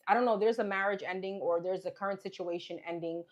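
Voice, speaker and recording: Female tarot reader, mid-pitched, casual and meandering, thinks out loud between cards. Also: fairly even intonation, quick pace, dull audio. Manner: chatty, musing, repeats "okay" and "what's coming up" while pulling cards. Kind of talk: live tarot reading, thinking aloud.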